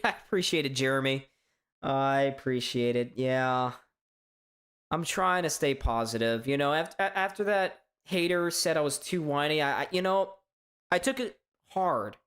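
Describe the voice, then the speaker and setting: A man from hosting a live sports reaction stream, chatting casually in a strained, hoarse voice, rambling and stammering through restarts. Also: fairly high pitch, a bit bright. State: voice straining from shouting. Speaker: sports fan livestream host.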